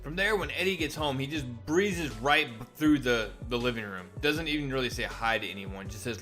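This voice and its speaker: Brief: male comic reviewer, animated storyteller, bright and forceful tone. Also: mid-range voice, brisk, hardly any pauses, faint music behind. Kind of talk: casual comic recap and review.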